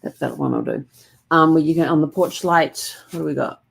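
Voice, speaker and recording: Woman host, deep for her sex, soft-spoken and meandering, casual reflective vlog read. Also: brisk, gravelly, slightly rough. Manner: gentle and calm, rambling with many fillers.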